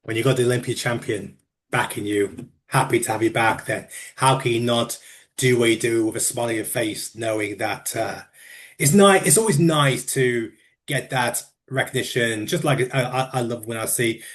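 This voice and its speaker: Uk guy hosting a chat show, chatty, keeps saying look, mid pitched voice. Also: normal speed. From United Kingdom. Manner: chatty, repeats words, says "look" and "mate". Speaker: interview host. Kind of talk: casual interview chat.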